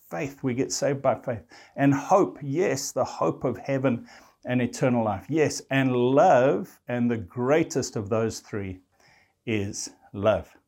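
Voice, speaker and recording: A man delivers a sermon in an earnest, teaching manner. He reads scripture passages aloud and explains them to his listeners, and his voice sits at a middle pitch. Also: a little mellow. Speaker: preacher.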